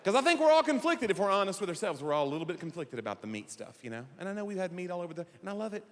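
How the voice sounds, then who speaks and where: A man's voice: sits high, rapid-fire, in a large hall, a little hiss or hum. A man in his forties doing stand-up comedy, acting out quoted voices as he talks. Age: 40s. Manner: animated, acts out quoted voices.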